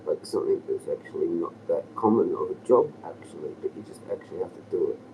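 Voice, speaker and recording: Low-voiced man rambling on a live stream. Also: fast talker. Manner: loose and chuckling, often dropping to a whisper. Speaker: livestreamer. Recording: distant mic with clear outdoor noise.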